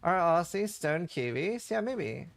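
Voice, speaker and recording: A man's voice: fairly high pitch, sing-song, a little slow, gravelly. Playful man chatting on a game stream. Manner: playful, jokey, tries out accents. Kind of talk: casual chat while gaming.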